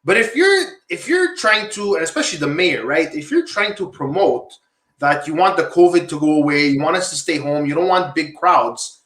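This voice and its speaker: A man's voice: on the high side, animated, moderate pace, fairly bright tone. Man, podcast host, rambling, repeats himself, echoey room. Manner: rambling, repeats himself, asks guests questions. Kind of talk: casual panel discussion.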